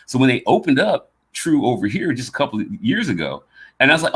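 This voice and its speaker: A man's voice: mid-range voice, very animated, quick pace, fairly bright tone, breathy edge. A man in his fifties from the American South, with a slight Southern drawl, hosting a podcast in a rambling, casual way and often repeating words as he gathers his thoughts. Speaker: podcast host. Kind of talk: casual conversation.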